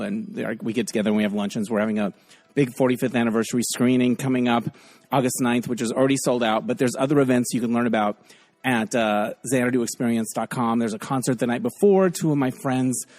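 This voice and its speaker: A man's voice: medium pitch, fast talker, a little mellow, no echo. A man hosting a podcast, talking casually and enthusiastically with lots of fillers, his voice a bit scratchy. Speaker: podcast host. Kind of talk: casual chatty monologue.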